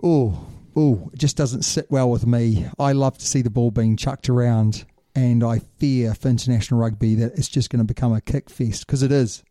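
A man's voice: mid-range voice, normal speed, hardly any pauses, no room sound, clean studio sound. A man hosting a rugby talk show in casual, opinionated chat, calling his co-host mate. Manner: animated, opinionated, says "mate".

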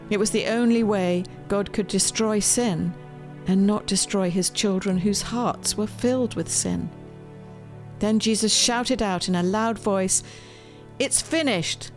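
A woman reading aloud from her own children's storybook, gentle and expressive. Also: mid-range voice. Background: faint music.

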